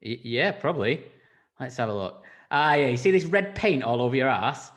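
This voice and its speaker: A man voicing a gruff, crude male farmer with a put-on rural accent in an improvised comedy scene. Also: mid-range voice, lively intonation, moderate pace, a bit bright, close to an everyday voice. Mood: offhand. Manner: blunt, sweary, offhand.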